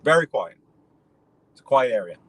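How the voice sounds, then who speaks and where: A man's voice: medium pitch, very animated, moderate pace, fairly bright tone, rough recording. Casual New male streamer, rambling chat while he drives, mid-range voice. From New York. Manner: rambling, chatty, addresses viewers by name. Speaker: live-stream host. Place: in a car.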